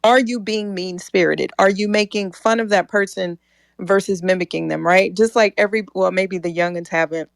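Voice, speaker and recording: A woman co-hosting a podcast, talking casually and joking, sometimes slowing down to stress a point. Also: mid-range voice, fairly even intonation, vocal fry, no echo, studio quality. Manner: chatty and joking, laughs often. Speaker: podcast co-host. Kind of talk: casual debate chat.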